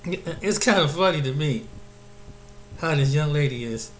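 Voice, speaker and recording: A man giving casual commentary on a video, halting and restarting often. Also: fairly high pitch, animated. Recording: roomy echo, faint hum.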